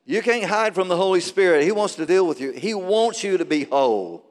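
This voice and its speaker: A man preaching a sermon as pastor, swinging between loud peaks and quiet asides. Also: high voice, animated, brisk. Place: large church hall. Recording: long reverb of a big sanctuary.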